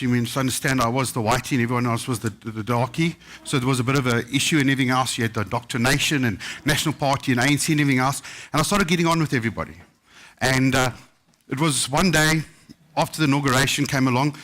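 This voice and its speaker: A middle-aged chef with a medium-pitched voice tells anecdotes at a book festival. His storytelling is casual and lively, and he acts out the quotes.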